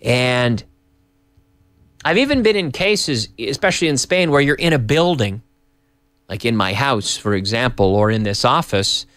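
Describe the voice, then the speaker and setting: A man's voice: mid-range voice, a little slow, no room sound. A man teaching English in a live-streamed lesson, his voice rising and falling with lots of movement. He circles back and restarts phrases, mixing in bits of Spanish. The sound is close and dry, with little room around it. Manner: animated, repeats and restarts, slips in Spanish phrases. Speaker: English teacher and show host. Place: office with English classes.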